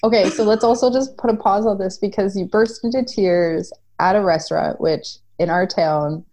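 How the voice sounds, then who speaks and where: A woman hosting a casual chat, playful and quick to jump in with reactions. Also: mid-range voice, a little mellow. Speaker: host.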